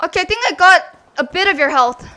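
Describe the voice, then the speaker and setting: A woman giving casual gameplay commentary, excitable and exclaiming during fights. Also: extremely high pitch, quick pace. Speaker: gaming streamer.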